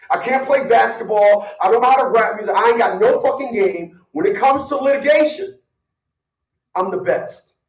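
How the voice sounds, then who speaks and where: A man's voice: high-pitched, echoey room, distant mic, low-quality recording. A man giving blunt, boastful relationship advice in a casual, profane rant, often repeating words as he gets worked up. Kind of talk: casual ranting monologue.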